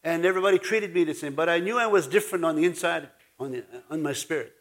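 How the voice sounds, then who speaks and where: A man's voice: on the high side, quick pace. A man preaching a sermon in a folksy way, with an Ojibwe-influenced Canadian accent, joking with the congregation and calling for responses. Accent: Ojibwe-influenced Canadian English. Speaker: pastor.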